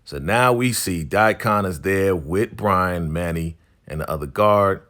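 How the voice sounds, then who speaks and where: A man hosting a TV episode recap, retelling the story casually with slang and lively asides. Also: sits low, a little slow. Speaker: TV recap channel host.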